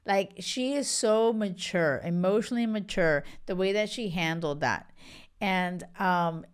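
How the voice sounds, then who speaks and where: A woman hosting a casual, animated gossip chat with lots of fillers. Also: mid-range voice, a little slow, clear, resonant tone. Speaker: host.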